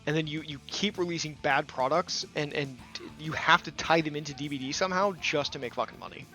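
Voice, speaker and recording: A man's voice: on the high side, a little fast, few pauses, bright, forceful tone, faint music behind. A man ranting angrily in a gaming commentary video, blunt and full of profanity.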